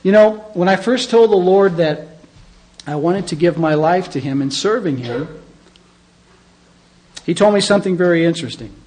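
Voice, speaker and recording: A middle-aged pastor delivers a sermon in a somewhat high voice for a man. He keeps a casual, conversational tone and leans hard on key words. He keeps throwing questions out to the congregation. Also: expressive, moderate pace, pauses often, a little mellow, poor audio. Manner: conversational, emphatic preaching with rhetorical questions.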